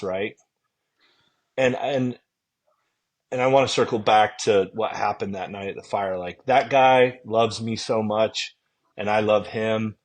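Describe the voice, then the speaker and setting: A man speaking gently and reflectively in casual conversation, often trailing off. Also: fairly low pitch.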